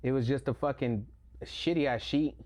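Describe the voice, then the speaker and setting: A man, a podcast guest, telling stories in a relaxed, slangy way with constant swearing. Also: mid-range voice, moderate pace. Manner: profane, slangy, laid-back. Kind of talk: casual storytelling.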